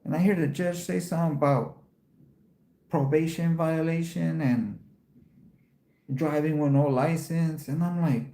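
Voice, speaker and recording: A man hosting a casual livestream chat, telling a profane story and jumping his voice up high whenever he quotes himself. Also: steady tone, unhurried, pauses often, dark tone, roomy sound. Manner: profane storytelling, voice jumps up when quoting himself. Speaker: livestream host.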